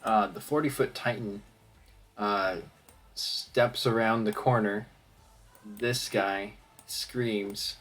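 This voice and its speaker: A man narrating a tabletop game as dungeon master, relaxed and hesitant with fillers. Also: fairly low pitch, takes it slowly.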